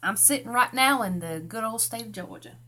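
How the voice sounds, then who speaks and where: A woman's voice: on the high side, lively intonation, fairly quick, sharp tone, a little hiss or hum. A woman with a Southern US country accent, from Tennessee, chatting folksily while hosting a live craft tutorial and greeting viewers by name. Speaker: craft channel host.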